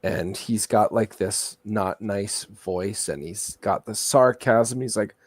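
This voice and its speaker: A man's voice: fairly low pitch, slow. A male guest telling rambling stories in casual chat, with frequent hesitant fillers.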